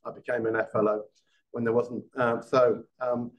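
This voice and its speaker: Halting middle-aged male lecturer. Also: medium pitch, level tone, muffled recording, a little hiss or hum. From England. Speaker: guest lecturer, former police detective. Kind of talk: live classroom lecture.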